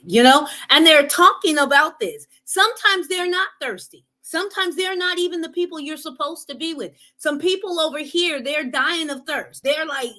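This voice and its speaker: A woman's voice: high-pitched, normal speed, hardly any pauses, a bit bright, low-quality recording. A woman giving an earnest motivational talk, repeating her points and often checking in with "right?". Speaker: motivational speaker.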